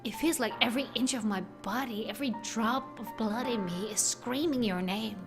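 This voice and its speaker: A woman voicing an obsessive, lovesick young woman, reading game dialogue in a soft, hushed, intense way. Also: a little high, normal speed, music in the background, close to an everyday voice. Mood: intense devotion.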